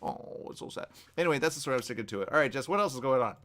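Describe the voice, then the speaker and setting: A man hosting a casual talk radio show, his pitch leaping up and down as he rambles through stories. He laughs often and talks in a loose, chatty way. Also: expressive, rapid-fire, a bit bright.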